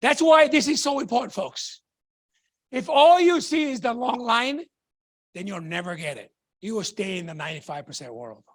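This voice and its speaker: Excitable high-voiced man from Tonga. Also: moderate pace. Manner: excitable, bursts into shouting, repetitive rhetorical questions. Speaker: business opportunity presenter. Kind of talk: motivational sales talk.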